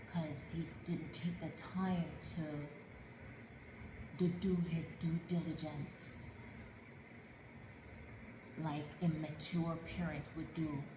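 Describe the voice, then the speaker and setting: Brief: woman narrator, lowish voice, personal life story told earnestly, echoey reverberant room. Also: background noise. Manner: earnest, emotional, reflective.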